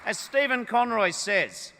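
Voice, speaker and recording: An Australian man as a party leader giving a rousing political speech at a conference, with emphatic oratory that swells into loud, punchy declarations. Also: high voice, very animated, unhurried, a crowd in the background, noisy background. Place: large conference hall. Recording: echoey hall with long reverb.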